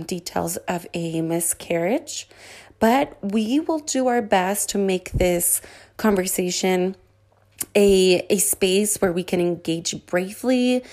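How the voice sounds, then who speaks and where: A young woman hosting a casual podcast, bubbly and quick to laugh, with a voice she calls high-pitched. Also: darkish tone. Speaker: podcast host.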